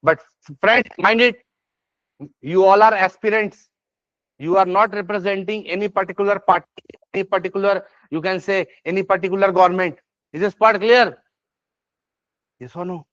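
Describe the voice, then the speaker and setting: The same Indian English lecturer, now steady in tone at a moderate pace, leaves long pauses in his exam essay class. His high-pitched voice is a bit bright, and he emphatically checks "yes or no?" and "is this part clear?" amid fillers and restarts. The sound is dry, echo-free, and somewhat dull and lo-fi.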